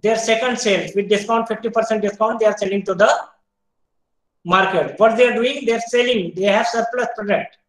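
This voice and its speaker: High-voiced Indian man lecturing online. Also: steady tone, fairly quick, roomy sound, low-quality recording. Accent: Indian English. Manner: explains step by step, asks students questions, frequent "uh" fillers. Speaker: university lecturer.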